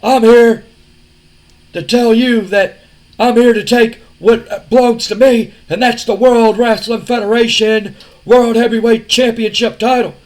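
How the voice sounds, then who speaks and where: A man putting on the voice of a brash, defiant male wrestler who taunts loudly. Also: very high-pitched, voice pushed up. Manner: loud, taunting, drawn-out jabs.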